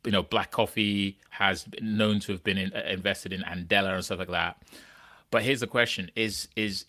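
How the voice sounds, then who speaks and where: A man with a low, bright-toned voice hosts a casual podcast chat. He rambles through questions, restarting sentences and checking in with "right?" as he goes. The sound is dry and close. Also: dry recording. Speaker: podcast host.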